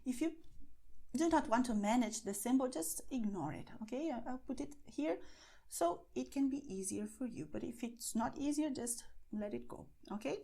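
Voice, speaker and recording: A Brazilian woman with a Brazilian Portuguese accent, a native Portuguese speaker, giving an online lesson and slowly, clearly pronouncing example words. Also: fairly high pitch, animated, warm tone. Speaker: language teacher.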